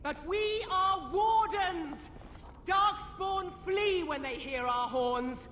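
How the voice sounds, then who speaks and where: A woman's voice: extremely high pitch, slow, a bit bright, roomy sound, long reverb tail, slight background noise, heavily acted. A woman voicing a defiant female commander who gives a rousing, declamatory speech to besieged warriors in a video game cutscene.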